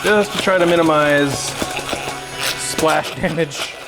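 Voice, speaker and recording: A man's voice: a little high, slow. Jokey man hosting a cooking livestream. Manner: joking, chatty, talks to himself while cooking. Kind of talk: casual livestream chat. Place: home kitchen. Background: music.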